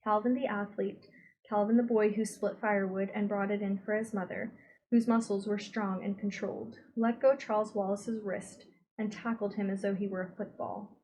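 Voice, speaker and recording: Lady reading a chapter book out loud, expressive, acts out the dialogue. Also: medium pitch, normal speed, poor audio. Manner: expressive, voices dialogue with rising intensity. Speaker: audiobook reader. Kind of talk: audiobook reading with voiced characters.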